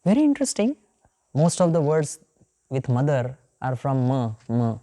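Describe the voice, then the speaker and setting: Indian woman teacher, low mellow voice, lively storytelling lecture. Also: moderate pace. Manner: animated storytelling, acting out the characters' voices. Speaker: yoga and scripture teacher.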